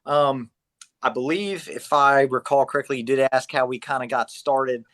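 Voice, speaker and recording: A Southern-accented man from Charleston talks as a guest guitarist in a relaxed, unhurried way. His voice sits at a typical middle pitch for a man. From Charleston, South Carolina. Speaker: band lead guitarist, guest. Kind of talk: casual interview chat.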